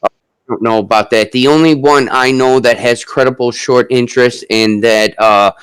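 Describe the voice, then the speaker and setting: Halting man with smooth, dry voice. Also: medium pitch, fairly even intonation, fairly bright tone, no echo, poor audio. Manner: halting, many drawn-out fillers. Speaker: host of a live stock chat. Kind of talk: casual group voice chat.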